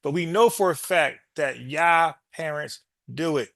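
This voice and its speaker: A man's voice: fairly high pitch, a little slow, creaky, a bit bright, no echo, clean studio sound. A man hosting a podcast, arguing with a caller, repeating his points and calling him bro. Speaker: podcast host. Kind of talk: heated call-in debate.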